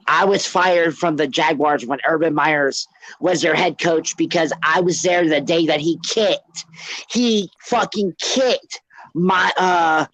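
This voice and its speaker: Brief: excitable podcast co-host, higher-pitched, cursing through a tall tale. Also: male voice, slow, no room sound, low-quality recording. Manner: profane, boastful storytelling. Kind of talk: casual sports chat.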